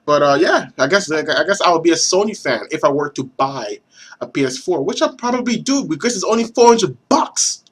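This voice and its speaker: A young man ranting excitedly to his viewers as a gaming vlogger, animated and swearing, with lots of stumbling restarts. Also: on the high side, fairly quick, breathy edge. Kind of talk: excited rant to camera.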